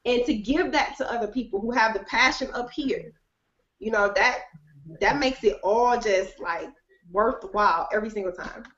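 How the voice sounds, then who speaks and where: A woman's voice: fairly high pitch, moderate pace. A woman author and editor talking expressively and colloquially as an interview guest over a video call. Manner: expressive, colloquial, laughs often. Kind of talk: animated casual interview talk. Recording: roomy, dull lo-fi video call audio.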